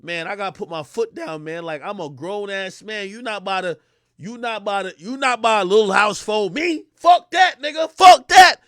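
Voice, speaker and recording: A young man telling a story on his livestream, excitable and loud, acting out the voices he quotes. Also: high voice, a little fast, dry recording, studio quality. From Jamaica. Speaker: streamer.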